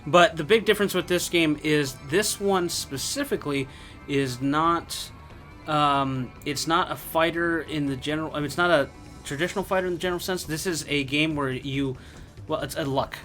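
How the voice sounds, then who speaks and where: A man's voice: fairly high pitch, normal speed, a bit bright, soft background music. A man chatting casually while reviewing an old fighting game, rambling with lots of fillers and restarts.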